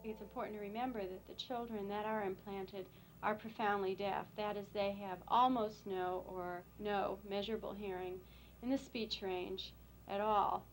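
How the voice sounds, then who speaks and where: A woman clinician giving a measured documentary explanation, stressing words to make her examples clear. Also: mid-range voice, steady tone, a little hiss or hum, low-quality recording. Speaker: clinician explaining cochlear implants.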